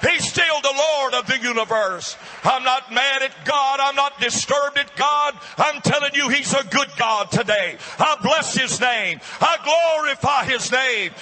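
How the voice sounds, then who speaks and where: Male preacher, husky and forceful, camp meeting sermon, long hall reverb. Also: extremely high pitch, unhurried, hardly any pauses. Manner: fervent, repeats hallelujah. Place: large meeting building.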